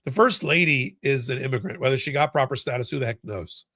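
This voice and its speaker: A man's voice: medium pitch, fast, sharp tone, no room sound, clean studio sound. A man hosting a casual live-stream about a court case, chatting and reading out viewer comments with frequent restarts. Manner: conversational, reads viewer comments aloud, many restarts. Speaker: legal commentary host.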